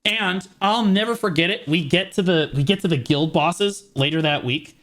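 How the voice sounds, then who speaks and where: Streamer guy ranting a guild drama story, kinda high voice, swears a lot. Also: normal speed. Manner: animated, profane, mocking quotes. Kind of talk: casual storytelling to stream chat.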